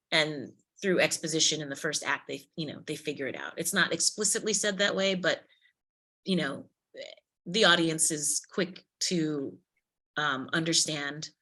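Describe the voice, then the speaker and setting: A woman with a bright, forceful voice that sits a little low, telling stories with lively expression. She is an actress chatting casually as a guest on a podcast interview. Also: normal speed. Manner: animated, expressive storyteller.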